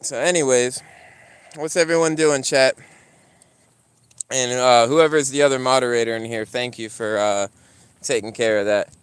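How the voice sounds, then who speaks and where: Young male streamer, casual outdoor live chat, animated storyteller. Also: moderate pace, long pauses, clean tone. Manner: animated storyteller, voice climbing high when retelling arguments. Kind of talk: casual livestream chat while walking a dog. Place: outdoors in a yard.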